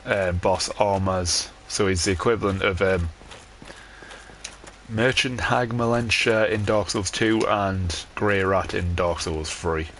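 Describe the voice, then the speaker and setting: A gamer, a man with a fairly low voice, talks slowly through a video game in loose, rambling commentary full of ums and mild swearing. A constant noise hums beneath the recording.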